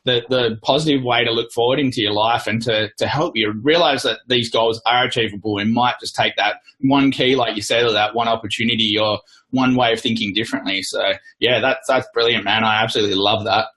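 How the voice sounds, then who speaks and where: A man's voice: medium pitch, fairly even intonation, a little fast, bright, forceful tone. A man hosting an interview, enthusiastic and affirming toward his guest. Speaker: podcast host. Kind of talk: casual interview chat.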